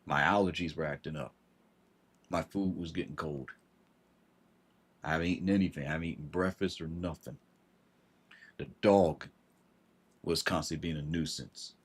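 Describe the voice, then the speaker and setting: A man telling a personal story on a livestream, halting and repeating himself, with frustration in his voice. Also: a bass voice, fairly even intonation, breathy edge. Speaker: vlogger.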